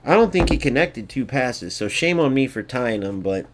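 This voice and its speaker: Man, gaming host, casual gameplay commentary, blunt, sarcastic, middle pitch. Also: animated, moderate pace. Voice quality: blunt, sarcastic, talks straight to viewers.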